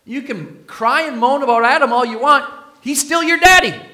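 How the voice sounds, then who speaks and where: A man's voice: extremely high pitch, moderate pace, bright, forceful tone. A man preaching a sermon as pastor, emphatic, putting questions to the congregation.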